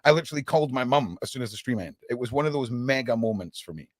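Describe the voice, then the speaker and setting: Man, livestream host, chatty and animated, dry close sound. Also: medium pitch, quick pace, dry recording. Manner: animated, chatty, says "right?" often. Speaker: podcast host. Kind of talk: casual livestream chat.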